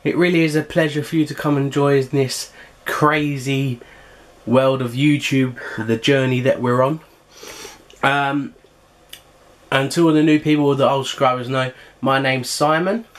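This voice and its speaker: Brief: man, mid-pitched, chatty cooking vlog host, casual, filler-heavy. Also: fairly even intonation, unhurried. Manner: chatty, filler-heavy, eating while talking.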